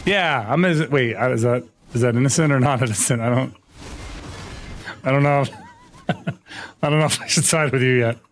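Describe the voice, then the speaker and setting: Over soft background music, a young adult man livestreams a game, talking fairly quickly in a mid-range voice broken by long pauses. He's casual and playful, mock-indignantly protesting his innocence and laughing often.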